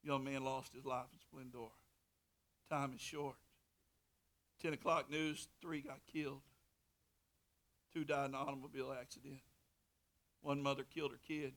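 A man preaching a sermon as pastor, fervent, swinging from soft to loud and repeating words. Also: on the high side, steady tone, normal speed, pauses often.

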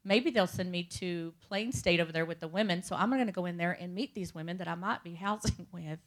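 A woman with a fairly low voice gives her personal testimony to a church congregation at a brisk pace. She tells it conversationally, like a story, speaking straight to the audience.

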